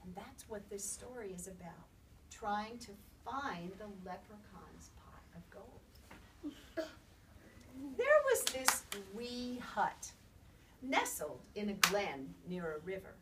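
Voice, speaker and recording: A woman storyteller telling a folk tale aloud in an expressive, lilting way. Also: fairly high pitch. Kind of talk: oral storytelling. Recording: distant mic, faint background noise.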